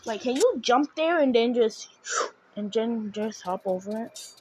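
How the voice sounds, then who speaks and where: A young woman gives running commentary on her own gameplay, breaking into shouts and screams as the game goes on. Her voice sits high and swings widely, and she talks in a slow, drawn-out way. Faint noise hangs in the background. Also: lively intonation. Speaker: gaming video creator.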